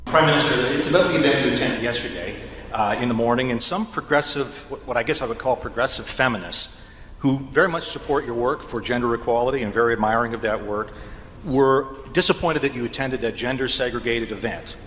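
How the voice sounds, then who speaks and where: A man's voice: mid-range voice, fairly quick, fairly bright tone. A male reporter poses a careful, hesitant question at a press conference. The sound rings with long hall reverb, with dull audio and faint room noise.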